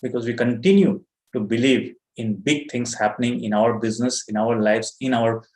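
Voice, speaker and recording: A middle-aged man with an Indian English accent gives his business team an earnest, emphatic motivational talk, often saying "you know." His medium-pitched voice is a little mellow and moves at normal speed, with roomy echo on the recording.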